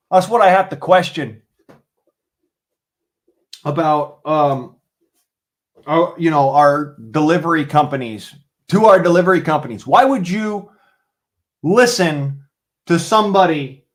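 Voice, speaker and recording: A man with a high-pitched voice rants in a hot, profanity-laced tirade. He sounds angry and worked up as he hosts his own stream. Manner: profane, heated ranting. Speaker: livestream host. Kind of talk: angry political rant.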